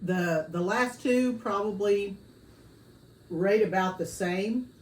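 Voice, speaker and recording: A woman's voice: mid-range voice, slow pace, a little mellow. Chatty woman vlogger in a roomy space. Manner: chatty, friendly, says y'all. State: mouth burning from hot salsa. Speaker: vlogger host. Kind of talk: casual food-tasting vlog. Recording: roomy echo, faint background noise.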